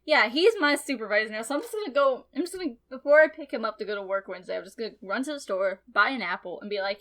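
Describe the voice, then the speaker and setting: A woman's voice: a little high, animated, fast talker, few pauses, fairly bright tone. A young woman from Ohio, chatting casually and bluntly as a reaction co-host, laughing often and swearing freely. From Ohio, USA. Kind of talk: casual chat.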